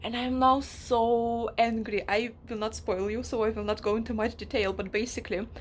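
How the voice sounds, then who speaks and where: A woman chatting casually in a reading vlog, emotional and animated as she talks about a book. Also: on the high side, moderate pace, slight background noise. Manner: emotional, animated, acts out characters in quoted asides. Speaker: book vlogger.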